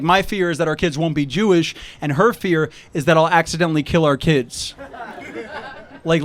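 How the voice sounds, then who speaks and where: A young man doing a stand-up set on an outdoor rooftop, wry and self-deprecating. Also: on the high side. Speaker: stand-up comedian.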